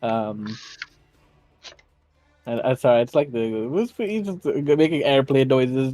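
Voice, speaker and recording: A man's voice: medium pitch, unhurried, warm tone, no room sound. A man playing in a tabletop game, rambling with frequent laughs and restarts. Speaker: player. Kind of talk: casual tabletop game chat.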